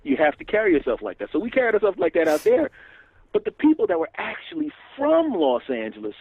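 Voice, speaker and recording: A man, a comedian telling stories in an animated, profane way as a guest. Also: high-pitched, fast, gravelly, slight background noise. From Philadelphia area, USA. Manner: animated, swearing, laughs often, acts out dialogue. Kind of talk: casual storytelling interview. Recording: dull lo-fi radio recording.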